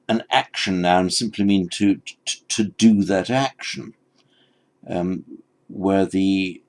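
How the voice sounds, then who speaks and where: Low, gravelly man lecturing on texts. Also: darkish tone. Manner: thoughtful, explaining word by word with frequent restarts. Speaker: teacher. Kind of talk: textual lecture on Pali scripture.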